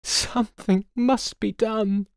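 A man's voice: fairly even intonation, slow pace, gravelly, clear, resonant tone, dry recording, studio quality, exaggerated voice. A man voicing a sobbing young noblewoman. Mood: distraught. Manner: high, sobbing pleas. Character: distraught young noblewoman, tearful and pleading. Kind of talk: audiobook character voice.

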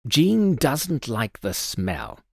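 A man's voice: a little high, sing-song, slow, dry recording, studio quality, pitched above the performer's own voice, full character voice. A man voicing a burly husband who speaks curtly and defensively. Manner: curt, blustering. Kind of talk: audiobook character voice.

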